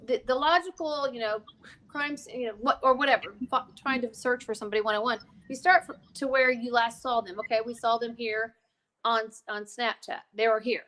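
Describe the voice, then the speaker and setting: A woman with a fairly high voice talks casually as a guest, wandering off into asides and coming back to press her point. Her delivery is emphatic and conversational. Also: steady tone, a little fast, a bit bright. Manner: digressive, emphatic, many asides. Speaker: podcast guest.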